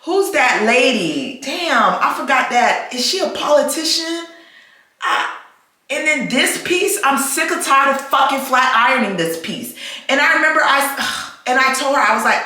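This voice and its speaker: A woman's voice: high-pitched, lively intonation, moderate pace, bright, forceful tone. A young woman ranting expressively in a casual vlog, swearing and repeating herself. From United States. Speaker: vlogger. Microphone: camera mic. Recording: very echoey room.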